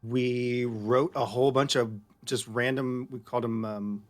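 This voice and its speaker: A man voice director chatting casually in a roundtable, playful and quick to slip into joke accents. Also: medium pitch, fairly even intonation.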